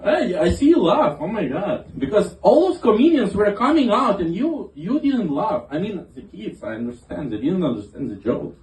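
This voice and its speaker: Comedian, male, animated stand-up delivery, halting and self-mocking, recorded roomy from across a small club. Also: high voice. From half Ukrainian, half Israeli. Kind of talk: stand-up set. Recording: roomy club audio from a distance.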